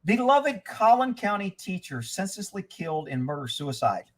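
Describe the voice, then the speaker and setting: A man's voice: sits high, big pitch swings, normal speed. A middle-aged man hosting a live stream, reading headlines aloud and ranting about them with heavy profanity. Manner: reads news headlines then reacts. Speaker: livestream host.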